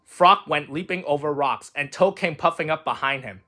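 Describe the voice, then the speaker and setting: A man reading a children's storybook aloud in plain, steady narration. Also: on the high side, normal speed. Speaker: reader.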